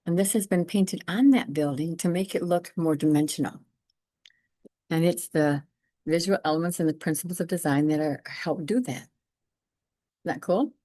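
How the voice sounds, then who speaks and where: Low-voiced enthusiastic woman teaching art. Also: warm tone, no echo. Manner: enthusiastic, repeats herself, brisk asides. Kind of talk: casual lecture over slides.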